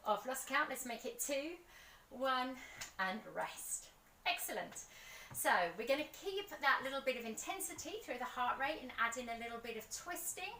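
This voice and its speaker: A woman guides a pilates workout outdoors, her voice bright and a touch high. She counts reps and offers gentle encouragement. The sound is roomy and distant, with faint ambience behind her. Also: animated, normal speed, a little hiss or hum. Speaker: pilates instructor.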